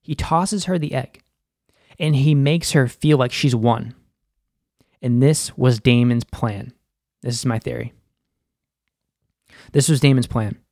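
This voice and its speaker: A man's voice: mid-range voice, takes it slowly, pauses often, a little mellow, dry recording, studio quality. A young man giving a casual, profane breakdown of a TV episode, full of filler words. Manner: laid-back and profane, full of "like". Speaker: film and TV recap host.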